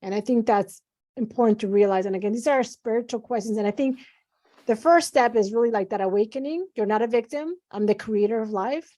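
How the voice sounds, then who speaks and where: A woman's voice: a little high, fairly quick, mellow. A middle-aged woman, a physician guest, speaking earnestly and animatedly in a conversational interview.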